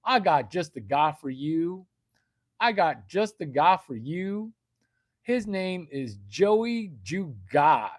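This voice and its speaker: A man voicing a loud, eager male car dealership manager with a put-on Southern drawl. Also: very animated, normal speed, dry recording, clean studio sound. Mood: fake Southern. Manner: fake-friendly, booming, put-on Southern drawl.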